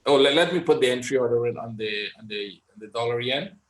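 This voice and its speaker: Guy talking through his trades live, average pitch, keeps asking right?. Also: fast talker. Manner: thinks aloud, often adds "right?". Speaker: trading instructor. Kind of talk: live trading session commentary.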